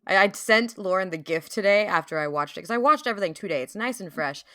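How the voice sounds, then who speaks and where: A woman co-hosting a casual TV recap podcast, reacting in animated bursts and swearing freely as she reads out her notes. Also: mid-range voice, fast talker. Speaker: podcast co-host.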